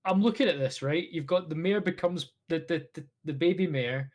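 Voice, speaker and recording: A man's voice: a little high, moderate pace, darkish tone. Chatty Scottish man on a podcast. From Scotland. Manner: chatty, laughs along, sweary. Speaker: podcast co-host. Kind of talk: casual chat.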